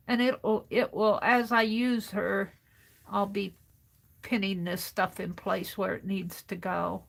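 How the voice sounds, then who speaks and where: A woman's voice: mid-range voice, fairly even intonation, slow, gravelly, slight background noise. A woman hosting a casual crafting demonstration. She murmurs to herself and often drops to a half-whisper while she works. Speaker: mixed-media art streamer.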